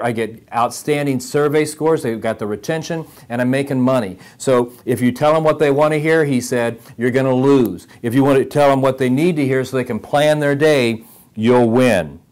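A man's voice: mid-range voice, darkish tone. A man hosting a motivational podcast for service advisors, talking in a direct, emphatic way and repeating phrases for emphasis.

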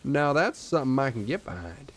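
A young man streaming a strategy game, giving casual commentary and often bursting into excited shouts. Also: medium pitch, a little fast.

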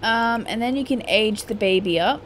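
There's slight background noise as a young woman plays a life-simulation game and chats casually for her YouTube channel. Her voice is a little high and her speed normal, and she playfully scolds her characters.

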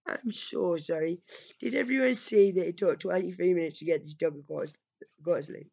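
Woman, casual vlogger, gravelly and mid-pitched, rambling and apologetic, muffled home recording. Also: normal speed, darkish tone. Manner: chatty, apologetic, rambling with repeats. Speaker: ASMR vlogger talking to her dog. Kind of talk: casual chat to camera.

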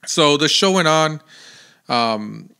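A man hosting his own podcast, telling a story in a chatty, animated way with lots of fillers. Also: on the high side, takes it slowly, creaky, clean tone. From Phoenix, Arizona area. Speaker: podcast host. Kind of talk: casual solo podcast storytelling.

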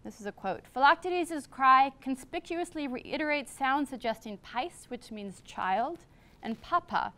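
A woman professor giving a public lecture on classics, partly read from a script, measured, with brief asides. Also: high-pitched, lively intonation, pushed and bright. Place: lecture hall.

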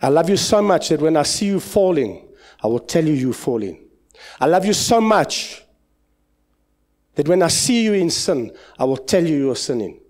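With a sing-song lilt and a moderate pace, a South African pastor preaches an impassioned sermon in church, shifting between loud outbursts and low asides.

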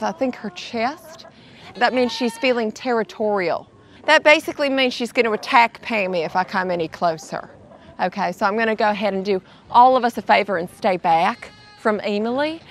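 Cheerful kids' show host, woman, high voice, outdoors at a sanctuary, faint animals behind. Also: slight background noise. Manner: cheerful, sing-song, addresses viewers as "y'all". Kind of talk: children's educational presenting.

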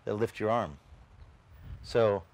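A man's voice: on the low side, takes it slowly. A male pastor preaching a conversational sermon. He tells a personal story and acts out the other people's lines, with frequent restarts, and speaks straight to the congregation. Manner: animated storyteller who acts out quoted dialogue, with frequent restarts; chatty, addresses the congregation directly.

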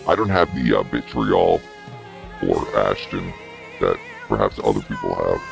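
Man behind a very deep, gravelly voice-changer filter. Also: very animated, a little slow, soft background music. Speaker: podcast co-host. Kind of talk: casual group chat. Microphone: voice call.

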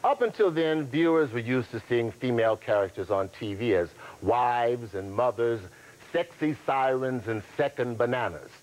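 A man's voice: mid-range voice, normal speed, darkish tone, poor audio. A man hosting a reunion special, presenting in a polished, playful way. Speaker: host.

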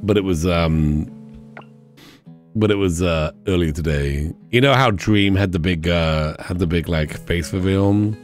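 A man's voice: sits low, unhurried, soft background music. A young man streaming a game, chatting casually with many fillers and frequent laughter.

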